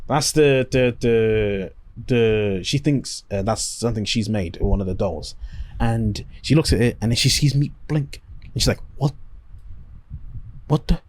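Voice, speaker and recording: A man co-hosting a casual review podcast, swearing a lot and acting out scenes in shrill voices. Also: moderate pace. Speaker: podcast co-host.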